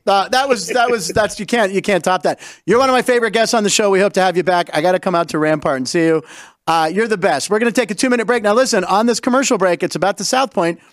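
A man hosting a casual sports and comedy show, joking and excitable. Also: high-pitched, fast, no echo, clean studio sound. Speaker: host.

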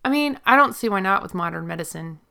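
A woman co-hosting a casual podcast, her voice hoarse and raspy from a lingering cough. A gravelly fry runs under her speech at a middling pitch. She jokes along and laughs often. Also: animated, fast, bright, forceful tone. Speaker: podcast co-host. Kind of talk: casual chat.

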